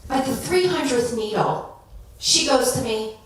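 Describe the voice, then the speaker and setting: Woman comic telling crude self-mocking stories, slow drawl, echoey from far back. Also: a little high, animated. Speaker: stand-up comedian. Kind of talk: stand-up comedy storytelling. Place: stage in a live venue. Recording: roomy stage sound from far off.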